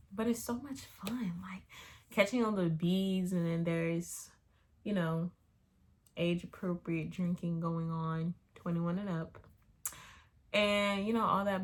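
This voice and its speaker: Chatty young woman with a low voice. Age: young adult. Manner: chatty, rambling, many "like" fillers. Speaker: YouTuber answering Q&A. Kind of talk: casual chat.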